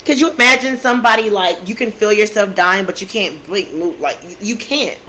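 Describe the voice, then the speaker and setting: A woman's voice: medium pitch, brisk, noisy background. Emotional, outraged true-crime storyteller woman. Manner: emotional and outraged, addresses listeners as y'all. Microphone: desk microphone.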